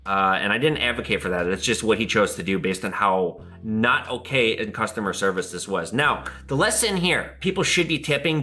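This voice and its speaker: A man who hosts a pawn shop show, telling a story casually to camera in an animated way and acting out the people he quotes. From Minnesota. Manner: animated, acts out quoted people with big jumps in pitch. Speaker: pawn shop owner and host.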